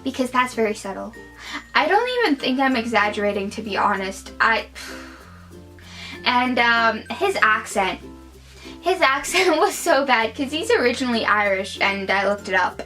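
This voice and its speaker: A woman's voice: fairly high pitch, animated, unhurried, pushed and bright, faint music behind, poor audio. A woman giving a casual vlog movie review, chatty and opinionated, with many fillers.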